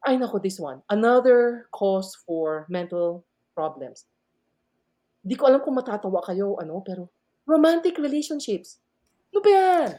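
A Filipino professor from the Philippines, appearing as a guest speaker, tells stories expressively while switching between English and Tagalog. Her medium-pitched, mellow voice is animated and moves at a moderate pace.

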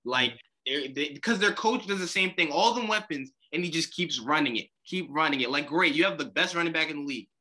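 A young man co-hosting a podcast, animated and slangy, saying "bro" a lot. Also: fairly high pitch, brisk, few pauses. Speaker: podcast co-host. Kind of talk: casual chat.

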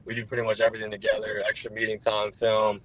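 Young jersey guy, talks fast, kinda monotone, lots of "you know". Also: fairly low pitch, highs cut off. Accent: New Jersey. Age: 20s. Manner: relaxed, repeats filler words. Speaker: guest quarterback. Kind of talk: interview answers.

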